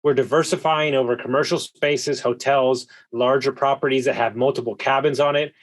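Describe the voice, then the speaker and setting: An excitable man hosts a conversational interview, his voice sitting in an ordinary middle pitch. He presses his points emphatically, often restarting sentences in his hurry. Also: moderate pace. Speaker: podcast host.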